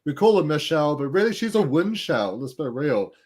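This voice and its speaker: Jokey New podcast host. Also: male voice, a little high, big pitch swings, a little fast, darkish tone, breathy edge. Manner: jokey, teasing, punning introductions. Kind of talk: casual podcast chat.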